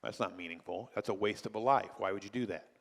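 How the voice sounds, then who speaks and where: A man's voice: lowish voice, fast, vocal fry, long reverb tail. A male pastor teaching a church class in a conversational way, full of rhetorical questions. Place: church hall.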